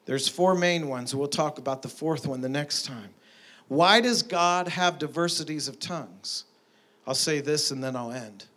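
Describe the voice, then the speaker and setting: A man preaching a sermon, telling stories in a lively way and building to emphatic peaks. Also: fairly high pitch, a little slow. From Tulsa, Oklahoma. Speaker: pastor. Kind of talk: sermon with storytelling.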